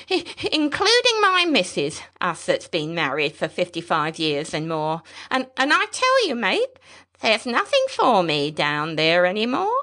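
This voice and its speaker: A woman playing an elderly bush pilot, thin reedy voice, wavering and stammering, pitch swooping up and down, storybook reading. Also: gravelly, fairly bright tone, exaggerated voice. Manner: drawling, rambling, stammering.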